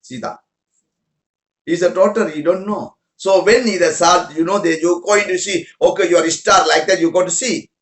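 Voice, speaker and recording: A spiritual teacher with a high, slightly bright voice talks informally to his followers at an ordinary pace. His English is broken, he repeats himself, and he asks the audience questions, with roomy echo around him.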